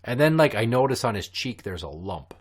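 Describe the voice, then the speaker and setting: A man hosting a podcast, telling a story in a casual, animated, profane way. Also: medium pitch, brisk. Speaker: podcast host.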